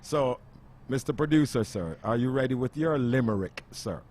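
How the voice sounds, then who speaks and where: A man's voice: medium pitch, animated, moderate pace, darkish tone. A man hosting a casual afternoon radio show, bantering and laughing with his producer. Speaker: radio host.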